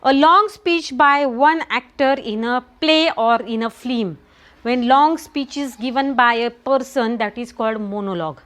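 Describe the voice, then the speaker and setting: A middle-aged school teacher with a Marathi accent teaches children an English lesson in a fairly high, fairly bright voice at a measured pace. She repeats herself often and frequently asks the class questions.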